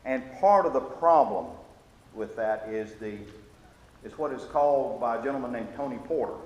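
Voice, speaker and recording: A man leads a Sunday school lesson, talking earnestly and sometimes stumbling over his words before he presses his point. His voice sits at an ordinary pitch for a man. It rings through a big reverberant church hall with a faint hiss underneath. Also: darkish tone, muffled recording. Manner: earnest, halting with restarts, grows emphatic when quoting.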